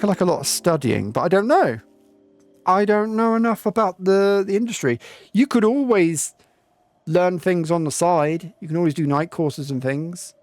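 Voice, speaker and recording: A man streaming a game and chatting with live viewers, rambling and reflective with lots of ums. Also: a little high. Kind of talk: casual chat with live viewers while playing. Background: faint game music.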